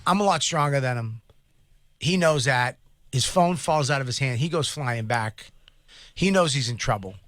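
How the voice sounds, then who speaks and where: A man, co-hosting a radio talk show, animated and profane, acting out other people as he tells a story. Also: mid-range voice, moderate pace, dry recording, studio quality. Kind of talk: casual storytelling banter. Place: radio studio.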